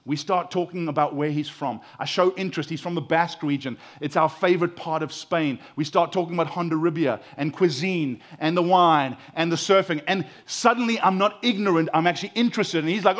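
A man's voice: a little high, fairly quick, few pauses, fairly bright tone. A man in his forties preaching a sermon as the pastor, telling stories in a conversational way and often repeating his first words. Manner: conversational storytelling, repeats words when starting.

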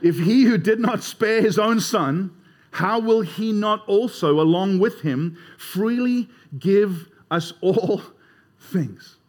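A man's voice: high voice, slow pace. A man preaching a sermon as pastor, emphatic and conversational, often repeating words.

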